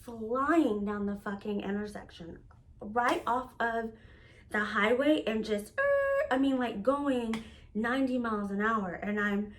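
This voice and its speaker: A woman's voice: a little high, a little slow, a little hiss or hum. A young woman telling a rambling personal story in a casual, chatty way, full of fillers and acted-out quotes. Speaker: storyteller host.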